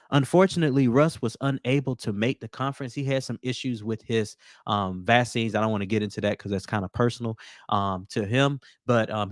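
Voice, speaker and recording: Hosting a crypto news program, a Southern-accented man keeps up chatty, lively commentary as he shows photos, addressing his audience as "guys." His voice is on the low side, captured in a dry, studio-quality recording.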